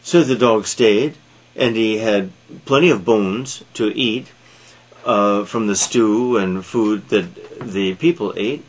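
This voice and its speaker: A man retelling an old animal fable aloud, pausing often with fillers and restarts. His voice sits low and he takes it very slowly. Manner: halting, with frequent fillers. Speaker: storyteller. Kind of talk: read-aloud storytelling.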